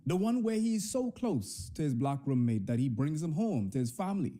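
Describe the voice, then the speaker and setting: Young Bahamian male storyteller, animated delivery, warm dark tone. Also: normal speed. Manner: animated, swings between high and low pitch. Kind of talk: comic personal storytelling.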